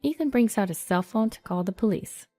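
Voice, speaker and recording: Woman narrating a story, dry and mellow. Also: medium pitch, lively intonation, brisk, no echo. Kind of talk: first-person story narration. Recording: dry studio voice-over over soft music.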